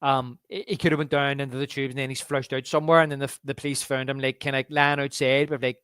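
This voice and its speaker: A man's voice: medium pitch, level tone, fast, fairly bright tone, clean tone, no room sound, clean studio sound. A man co-hosting a podcast in casual chat, rambling through scene recaps with many fillers. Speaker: podcast co-host.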